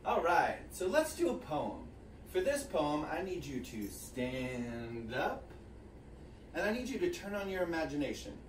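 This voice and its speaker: A man leading a preschool music class online, cheerful and encouraging, talking slowly and sing-song to young children. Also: fairly high pitch, sing-song, roomy sound, far from the mic, heavy background noise. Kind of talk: virtual kids' music class. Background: guitar and tambourine.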